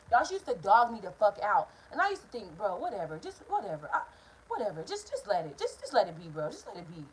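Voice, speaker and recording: A young woman telling a story to her viewers, animated and profane, talking straight to the camera. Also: lowish voice, fast, poor audio. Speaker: vlogger. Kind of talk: casual storytime vlog.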